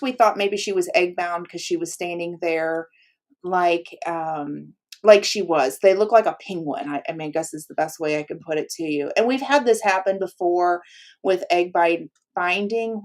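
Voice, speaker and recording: A woman in the middle of her range, chatting casually at home as she unboxes gifts for her viewers. She gushes freely, gasping and laughing between exclamations. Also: mid-range voice. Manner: chatty and gushing, with gasps, laughs and "oh my gosh". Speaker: channel host.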